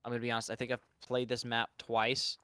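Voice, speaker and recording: A man's voice: mid-range voice, completely flat delivery, quick pace, fairly bright tone, smooth, no room sound. A man from Louisiana with a Southern accent, talking in a casual live-stream chat and rambling through his thoughts with frequent restarts. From Louisiana, USA. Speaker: guest streamer.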